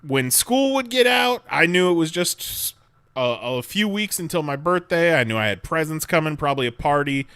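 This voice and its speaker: Lively-voiced man in casual podcast chat. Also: on the high side, moderate pace, smooth, dry recording. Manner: laid-back, swears casually, laughs often. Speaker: podcast co-host.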